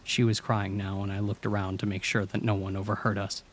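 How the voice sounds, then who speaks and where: A man narrating a scripted horror story in a measured, somber way. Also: lowish voice, little pitch movement, a little hiss or hum. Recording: faint rain ambience behind.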